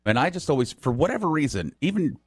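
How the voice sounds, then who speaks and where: A man recounts a friend's mishap in a casual chat, his pitch jumping lively and laughter breaking in often. The recording is dry and close. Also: fast talker, slightly rough, no echo. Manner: animated anecdote telling, laughs often.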